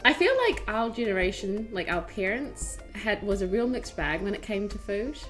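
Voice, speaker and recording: Woman streamer yapping animated stories, voice bouncing all over, quiet music behind. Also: medium pitch, moderate pace. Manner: animated storytelling, giggly, lots of "like". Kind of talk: casual chat. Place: home streaming setup.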